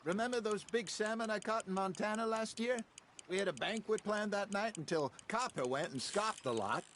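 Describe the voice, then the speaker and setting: A man's voice: high voice, moderate pace, a bit bright, a little hiss or hum. An actor playing a male outlaw who tells dry, wry fishing stories in a video game. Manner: dry, wry anecdotal delivery.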